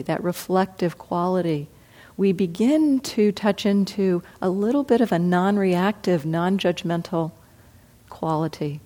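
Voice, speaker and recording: A woman meditation teacher giving a reflective dharma talk, gently acting out her own inner thoughts as she speaks. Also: lowish voice.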